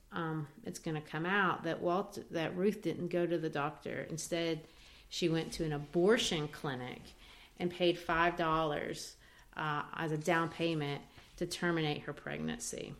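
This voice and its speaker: A woman teaching literature in a lively way, discussing a play and acting out its quoted lines. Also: deep voice, a little slow. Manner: animated, acts out quoted lines.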